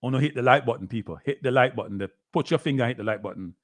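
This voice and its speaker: A man with a Jamaican accent hosting a live sports watchalong, excitedly calling the races and chatting to his viewers. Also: medium pitch, racing. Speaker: livestream host.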